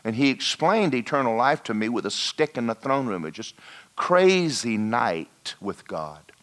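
A man preaching a sermon in a church, telling a personal story and dropping to a hushed voice for emphasis. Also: medium pitch, sing-song, unhurried. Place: church hall.

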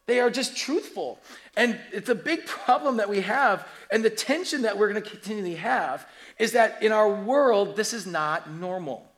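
A man in his forties preaching a sermon, telling stories in an animated, humorous way. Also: sits high, moderate pace. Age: 40s. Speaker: pastor.

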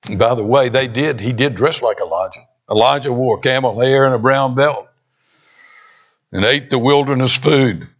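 A man preaching a sermon, expressive, with dramatic pauses and emphatic quoted lines. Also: medium pitch. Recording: dull lo-fi sound.

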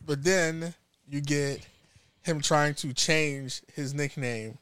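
Young man, bright crisp voice, dry close sound, quick comebacks. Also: on the high side, no echo. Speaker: podcast co-host. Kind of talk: casual chat.

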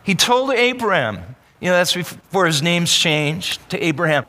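Pastor, male, high bright voice, emphatic sermon delivery with call-and-response, large reverberant hall. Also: big pitch swings, a little slow. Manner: emphatic, calls on the congregation to answer.

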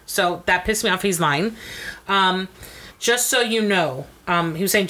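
Brash, bright-voiced woman storyteller. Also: fairly low pitch. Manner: fast, profane, animated storytelling with quoted voices. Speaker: podcast co-host. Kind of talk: casual storytelling chat.

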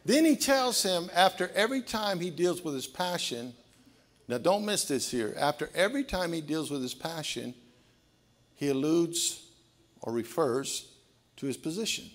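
A man preaching a sermon in a church, going from shouted, sung exhortation to relaxed, joking asides. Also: a little high, moderate pace. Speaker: pastor. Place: church sanctuary.

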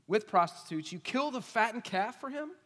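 A man voicing a resentful older son who loudly lists his grievances, heard in a reverberant hall. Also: medium pitch, moderate pace, close to an everyday voice. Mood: indignant. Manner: loud, indignant, listing grievances. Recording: long reverb of a large hall.

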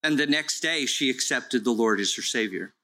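A man's voice: mid-range voice, lively intonation, normal speed, bright, forceful tone, rough recording. A man preaching a sermon as pastor, in an earnest storytelling way.

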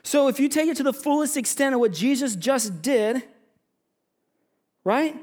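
Animated man preaching a sermon. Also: very high-pitched, moderate pace. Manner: animated, addresses congregation directly, acts out biblical characters. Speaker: pastor.

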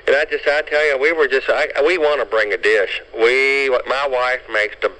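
A man's voice: mid-range voice, moderate pace, bright, forceful tone, voice pushed up, natural voice. A man making a prank phone call, playing a folksy, overeager caller who asks what to wear and what dish to bring. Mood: eager. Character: folksy eager man asking about dinner dress.

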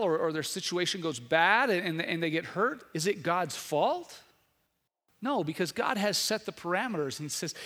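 A male pastor in his thirties delivers a sermon in a rather high voice. He talks earnestly, doubling back on his words, and now and then pushes into loud, emphatic stretches. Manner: earnest, repetitive restarts, builds to raised emphatic passages.

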